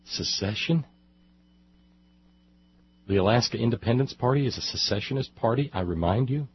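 A man's voice: medium pitch, expressive, fast, muffled recording, a little hiss or hum. A male radio talk host giving angry, sarcastic political commentary, rambling with restarts.

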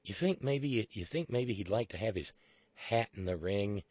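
A man's voice: lowish voice, expressive, normal speed, a little mellow, husky, dry recording. A man hosting a political talk radio show, sarcastic and profane, who stumbles into restarts.

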